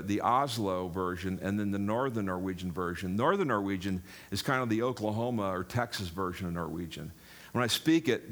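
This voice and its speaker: A man's voice: fairly low pitch, fairly bright tone. An older man preaching a sermon in a jokey, rambling way, talking straight to the congregation. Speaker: pastor.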